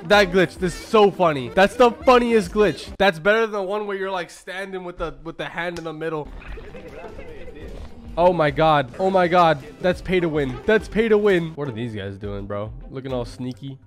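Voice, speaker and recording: A man with a fairly high pitch hosts a reaction video, excitedly and casually tossing out quick exclamations and calling everyone "bro", with faint music behind.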